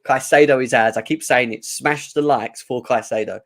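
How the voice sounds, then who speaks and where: An excitable man hosts a casual fan livestream, chatting straight to his viewers. He reels off news in a loose, chatty way and greets people in the chat by name. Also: mid-range voice, normal speed. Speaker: livestream host.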